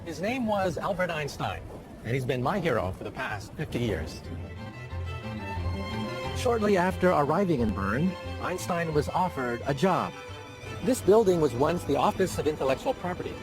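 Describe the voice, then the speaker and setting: Older man, animated documentary narration. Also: fairly high pitch, moderate pace. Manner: dramatic, emphatic delivery. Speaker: documentary presenter. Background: background music.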